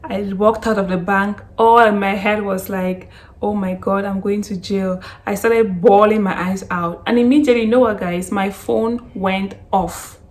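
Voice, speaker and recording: A woman's voice: mid-range voice, moderate pace, hardly any pauses. Young woman telling a story on her vlog. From Canada. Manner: lively retelling full of "like" and acted quotes. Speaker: vlogger.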